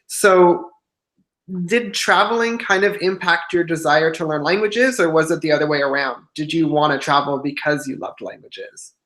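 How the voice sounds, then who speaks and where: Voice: medium pitch, a bit bright. A livestream host who interviews the guest on a video call, listening closely and often saying mm-hmm. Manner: attentive, frequent mm-hmm backchannels.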